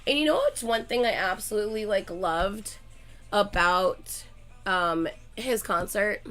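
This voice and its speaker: A young woman, sick and coughing, chatting casually with livestream viewers in an excitable, gushing way and reading names from the chat. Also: mid-range voice, a little slow, soft background music.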